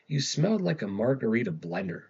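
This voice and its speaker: A man's voice: medium pitch, sing-song, brisk, a little mellow, husky, dull audio, heavily acted. A man reading aloud and voicing an angry, strict middle-aged father scolding his daughter in a storybook. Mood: stern. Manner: stern and scolding.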